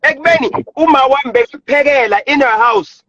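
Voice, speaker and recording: A South African man's voice, pitched very high and tight, fires off an angry, repetitive, profanity-laced rant into a phone on a live stream. The sound is dry and close with no room around it, but dull and lo-fi like a phone stream. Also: a little fast, pushed and bright, no echo.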